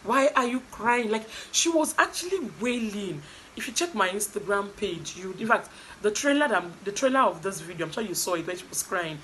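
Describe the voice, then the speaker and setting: A young Nigerian woman talks through her recap like gossip with a friend, animated and full of asides. Her voice sits at an ordinary middle pitch. A faint hiss of background noise sits under her voice. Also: fairly quick, rough recording. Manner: animated, chatty storytelling with asides. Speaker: vlogger recapping a reality show.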